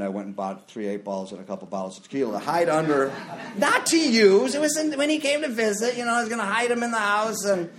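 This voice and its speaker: Middle-aged man, recovery share, lively storyteller, loud bursts when quoting others. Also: mid-range voice. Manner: animated storyteller, jumps into loud acted quotes. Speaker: recovery meeting speaker. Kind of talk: personal story shared at a meeting.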